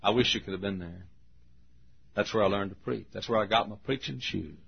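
An older man with a Southern US accent, preaching in a folksy, animated storytelling style. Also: fairly low pitch, brisk, creaky, slight background noise. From Southern United States. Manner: folksy, animated, hollers and laughs. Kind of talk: storytelling sermon. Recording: dull lo-fi recording.

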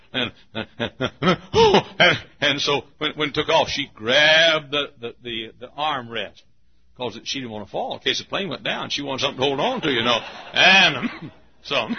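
An older man preaching a folksy sermon, telling stories, often laughing mid-sentence and breaking into sudden shouts. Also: mid-range voice, creaky, a little hiss or hum. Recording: dull lo-fi sermon recording.

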